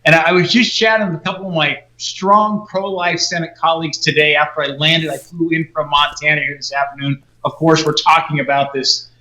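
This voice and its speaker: A man's voice: on the high side, flat delivery, a little fast, few pauses, pushed and bright, reverberant, rough recording. A man, a senator, answering interview questions earnestly over a video call.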